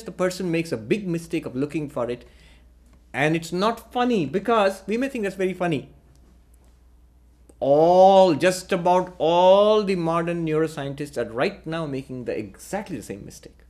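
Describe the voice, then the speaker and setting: A man teaching a philosophical lecture in a measured way, posing rhetorical questions to his listeners. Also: sits high, animated, a little mellow. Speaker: spiritual teacher.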